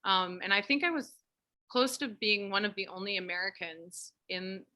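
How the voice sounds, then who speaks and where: A woman's voice: medium pitch, moderate pace, bright, forceful tone. A woman, an actress, giving brief, upbeat answers in a casual Q&A over a video call. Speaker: actress guest.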